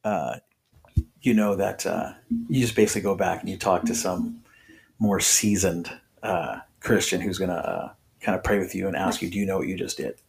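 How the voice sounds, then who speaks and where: Gravelly low-voiced man sharing his story. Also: normal speed. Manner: earnest storytelling with many restarts and quoted voices. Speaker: podcast guest. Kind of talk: personal testimony in casual conversation.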